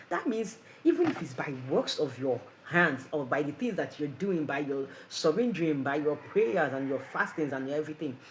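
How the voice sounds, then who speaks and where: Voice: medium pitch, slight background noise, rough recording. An earnest preacher gives a conversational devotional talk full of rhetorical questions.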